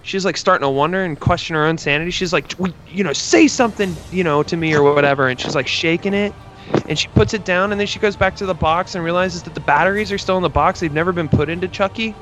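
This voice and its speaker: A man in a casual chat who tells movie scenes in a rambling, animated way full of fillers and asides. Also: high voice, quick pace.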